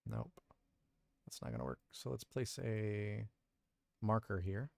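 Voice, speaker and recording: A man's voice: fairly low pitch, sing-song, unhurried, creaky, darkish tone, no echo. A male voice actor chatting casually on a livestream, explaining his editing and thinking aloud from his recording booth. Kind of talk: casual livestream chat about audio editing.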